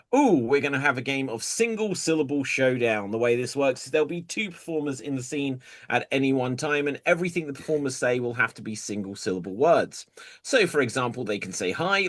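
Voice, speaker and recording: An upbeat man hosts an online improv show, announcing each game. He speaks at a mid pitch over a video call. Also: fairly bright tone. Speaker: host.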